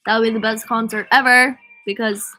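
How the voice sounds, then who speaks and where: A woman's voice: fairly high pitch, steady tone, fairly quick, bright, forceful tone, rough recording. A woman singer chatting casually on a livestream and answering fans' questions.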